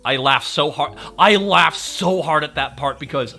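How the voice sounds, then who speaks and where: A man streaming, chatting casually and excitedly, swearing freely as he reacts. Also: fairly high pitch, measured pace, gravelly, faint music behind.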